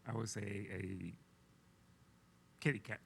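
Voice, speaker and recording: A man's voice: on the low side, flat delivery, takes it slowly, creaky, breathy edge. A man answering questions as a game show contestant, giving brief, hesitant answers.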